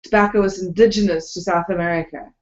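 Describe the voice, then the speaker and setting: A woman's voice: lowish voice, steady tone, fast talker. A woman co-hosting a casual discussion podcast, chatty and tangential, jumping in with asides. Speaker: podcast co-host. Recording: echoey, dull lo-fi room sound.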